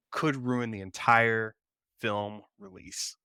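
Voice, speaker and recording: Male podcast co-host, low voice with a crisp bright edge, easygoing delivery, dry close sound. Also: normal speed, no echo. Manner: relaxed, conversational, brings up news topics. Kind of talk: casual pop culture chat.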